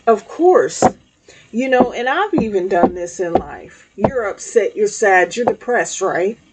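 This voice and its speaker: A woman's voice: medium pitch, background noise. A woman giving a spiritual tarot reading, talking straight to her viewers and checking in often with "okay?". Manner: slow, emphatic, frequent "okay?" check-ins; speaks directly to viewers, conversational. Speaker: tarot reader.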